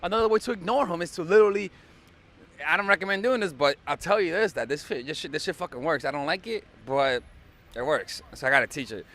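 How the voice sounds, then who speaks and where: A man's voice: on the high side, animated, quick pace, fairly bright tone. Blunt, swearing male dating coach. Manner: blunt and profane, repeats himself for emphasis. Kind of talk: casual advice monologue.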